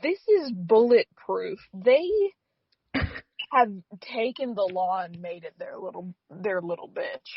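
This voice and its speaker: A woman's voice: medium pitch, expressive, takes it slowly, husky, no echo. Sardonic woman podcast co-host, dry lo-fi sound. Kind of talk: casual comedic chat. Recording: dry, muffled lo-fi podcast audio.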